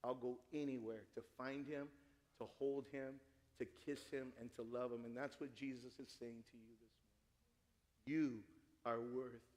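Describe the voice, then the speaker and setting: A middle-aged man preaching a sermon, telling a family story with lively acted-out dialogue. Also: on the high side. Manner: animated storytelling, acts out dialogue. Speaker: pastor. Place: church sanctuary. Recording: long hall reverb.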